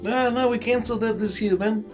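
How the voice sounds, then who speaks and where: A man's voice: high voice, fairly even intonation, fairly quick, darkish tone, faint music behind, voice pushed up, close to an everyday voice. A man voicing a laid-back male goliath sailor with a drawling surfer-dude way of talking. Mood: mellow.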